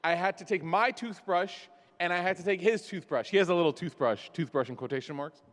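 High-voiced man preaching in an echoey hall. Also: a little fast, a bit bright. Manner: storytelling with self-deprecating jokes. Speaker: speaker. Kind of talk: religious talk at a gathering. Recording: long hall reverb.

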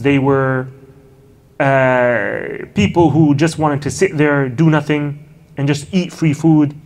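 This man's voice sits in the mid range with a slightly mellow quality. He takes his time lecturing on early Islamic history, weaving in stories, frequent Arabic honorifics, and offhand "you know" remarks.

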